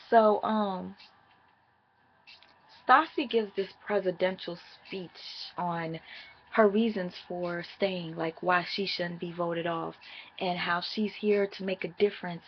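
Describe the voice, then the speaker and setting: A woman's voice: fairly low pitch, steady tone, slow, highs cut off, a little hiss or hum. A woman chatting casually and profanely as she recaps a reality show for her viewers.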